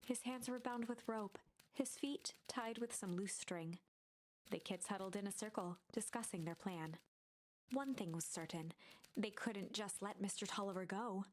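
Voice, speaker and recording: A woman streamer reading a visual novel aloud in hushed, whispered narration. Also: mid-range voice, unhurried, slight background noise. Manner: hushed, breathy storytelling. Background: music.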